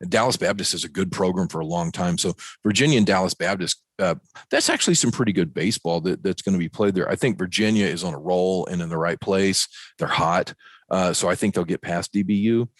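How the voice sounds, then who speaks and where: A man from Arkansas co-hosting a podcast, breaking down college baseball in a folksy, animated way with plenty of fillers and jokes. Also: deep voice, fairly quick, no echo. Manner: folksy, animated, joking analysis with many fillers. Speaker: podcast co-host. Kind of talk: casual sports talk. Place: ballpark.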